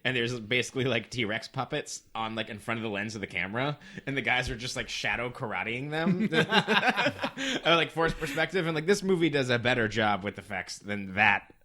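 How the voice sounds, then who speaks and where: A man's voice: medium pitch, lively intonation, moderate pace, hardly any pauses, pushed and bright. A man joking casually about a movie, with loose fillers and bursts of laughter. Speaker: podcast co-host. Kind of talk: casual movie discussion chat.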